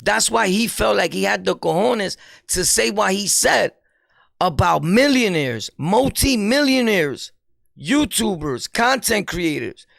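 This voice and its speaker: Man, New York accent, slightly high voice, gravelly, animated preachy streamer monologue, street slang. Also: measured pace, no room sound, studio quality. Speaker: streamer and YouTuber. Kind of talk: casual commentary monologue.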